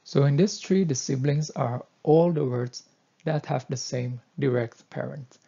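Male lecturer, slow deliberate coding tutorial, gravelly husky voice, dull lo-fi mic. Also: mid-range voice, dark tone. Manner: slow, deliberate explaining with fillers. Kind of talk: screen-recorded coding tutorial.

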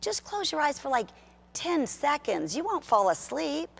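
Woman putting on a lulling inner voice, high and hushed, wheedling, gravelly edge. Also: very animated, measured pace, exaggerated voice. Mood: coaxing. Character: sly coaxing inner voice urging sleep.

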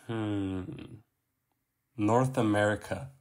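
A man's voice: on the low side, steady tone, extremely slow, darkish tone, smooth. A man voicing a dim-witted interviewee who answers with clueless confidence.

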